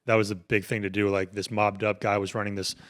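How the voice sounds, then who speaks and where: A man from Connecticut co-hosting a comedy podcast, joking quickly and dropping into silly voices. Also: fairly low pitch, flat delivery, a bit bright. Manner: quick, jokey, drops into voices. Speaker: podcast co-host. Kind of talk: casual comedy chat.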